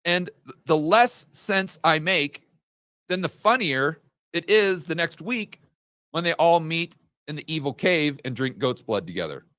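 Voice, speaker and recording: A man's voice: fairly high pitch, animated, measured pace, bright, forceful tone, dry recording. A man voicing a smug, scheming elite villain who gloats and sneers at ordinary people. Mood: gloating.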